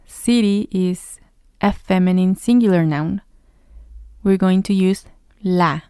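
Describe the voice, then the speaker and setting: A woman teaching a beginner language lesson, patiently asking each question, answering it herself and pausing for the learner to repeat. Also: mid-range voice, darkish tone, clear, resonant tone, no room sound, clean studio sound. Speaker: Spanish teacher.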